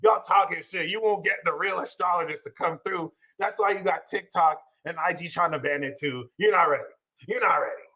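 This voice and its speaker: A man's voice: high voice, a little fast, husky, rough recording. Emphatic American man, slangy astrology rant. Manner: emphatic, slangy, swings into loud shouting rants. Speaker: astrologer and channel host. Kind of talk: animated livestream astrology talk.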